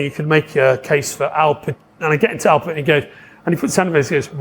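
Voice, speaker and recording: A man telling a story in casual conversation, lively and profane, laughing often. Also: fairly high pitch, quick pace, creaky, noisy background. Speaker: podcast guest telling stories. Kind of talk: casual chat.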